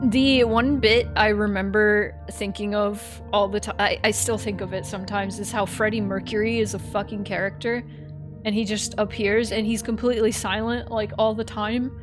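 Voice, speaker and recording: A woman livestreaming a game and chatting casually, animated, laughing often and swearing freely. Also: medium pitch, normal speed, over music. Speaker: streamer.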